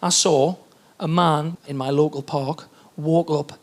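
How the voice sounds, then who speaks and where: A man doing a stand-up set on stage, telling stories in an animated, exclamatory way and swearing freely. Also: fairly high pitch, takes it slowly. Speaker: stand-up comedian. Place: comedy stage.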